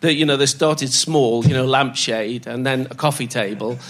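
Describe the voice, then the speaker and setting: A man's voice: medium pitch, steady tone, moderate pace, fairly bright tone. An older man telling stories as a podcast guest, laughing as he goes and doing the voices of the people he quotes. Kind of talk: anecdotal storytelling.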